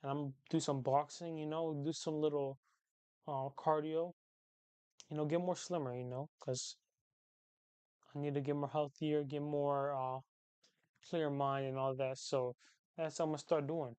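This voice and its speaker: Young male streamer, fairly high and smooth voice, dry close sound, loose rambling chat that circles back on itself. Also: measured pace, long pauses, no room sound. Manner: rambling, repeats phrases, relaxed slangy talk. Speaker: livestream host chatting with viewers. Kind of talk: casual chat.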